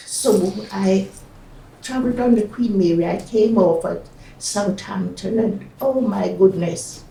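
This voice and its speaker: An older Jamaican woman with a Jamaican accent recalls her past in an oral history interview, speaking slowly in a medium-pitched, creaky, dark-toned voice. She is hesitant, using fillers and restarts. The recording was made in a community centre room that is echoey, with the mic at a distance and slight background noise.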